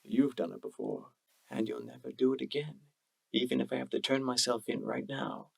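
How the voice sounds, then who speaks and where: A man voicing a gentle, resigned male pony in an audiobook, speaking softly and firmly. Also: mid-range voice, lively intonation, measured pace, creaky, husky, dry recording, full character voice. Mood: quiet. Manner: soft, quiet, firm.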